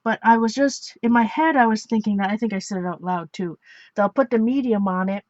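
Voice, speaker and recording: A woman from Ontario, Canada chats casually and rambles while working on an art journal page, laughing often and correcting herself. Her voice is mid-range, brisk and a little mellow. The recording is dry, with the highs cut off.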